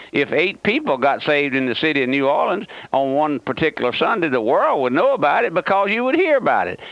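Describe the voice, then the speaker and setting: A man's voice: on the high side, a bit bright, no echo. A man preaching a radio sermon as pastor, fervently and repeatedly questioning his listeners. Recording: dull lo-fi dry radio broadcast.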